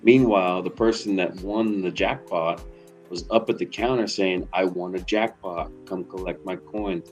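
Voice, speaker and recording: Deep voiced middle-aged guy from tennessee cussing thru a rambling story, faint music behind. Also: steady tone, normal speed, a little mellow, lo-fi sound. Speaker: delivery driver streamer. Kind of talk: casual chat while driving.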